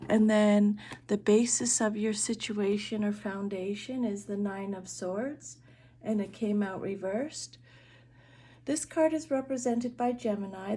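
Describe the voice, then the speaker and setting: A woman giving a tarot reading, soft-spoken and hesitant, often pausing on fillers as she lists each card's meanings. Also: medium pitch, slight background noise. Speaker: tarot reader.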